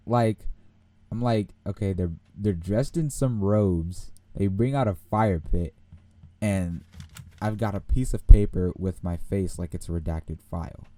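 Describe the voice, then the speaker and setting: A young man hosting a podcast, telling a rambling, animated story and laughing often. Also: sits low, measured pace. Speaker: podcast host. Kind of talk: casual storytelling.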